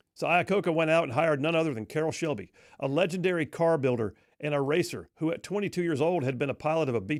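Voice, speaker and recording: A male talk radio host spins a dramatic story in a folksy, emphatic manner. His voice sits at a middle pitch. The sound is dry and close, with no room echo. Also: vocal fry.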